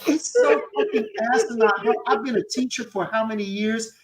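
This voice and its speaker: A man co-hosting a casual chat, caught mid-rant. He swears freely and hammers the same points over and over, loud and emphatic. He sounds like he is talking on a video call from home. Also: high-pitched, big pitch swings, fairly quick. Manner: profane, emphatic, repeats himself. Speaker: co-host.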